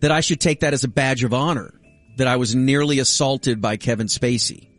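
A middle-aged man chats on a radio show, telling a self-deprecating story with easy timing. His voice sits at an ordinary pitch. A faint music bed runs under him. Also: brisk, a bit bright. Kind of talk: casual radio banter.

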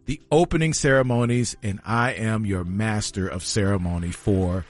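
A man's voice: on the low side, moderate pace, slight background noise. A man, bantering on a radio show, laughing and joking about himself. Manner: laughing, self-deprecating, animated. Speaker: radio co-host. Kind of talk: casual morning show banter.

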